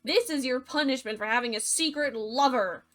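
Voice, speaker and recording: A wicked old witch, spiteful and gloating, who cackles in an over-the-top way. The voice is bright and a little high, with a woman acting her out. It belongs to a silly storybook parody. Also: normal speed. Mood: stern. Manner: theatrical, cackling.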